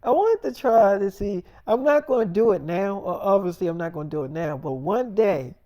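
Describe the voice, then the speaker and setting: A man with a mellow, darker voice tells a rambling story, circling back and padding it with "you know" and "I mean". The sound is dry and close, with no room around him. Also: sits high, expressive, moderate pace, dry recording. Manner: loose, repetitive, full of "you know". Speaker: vlogger.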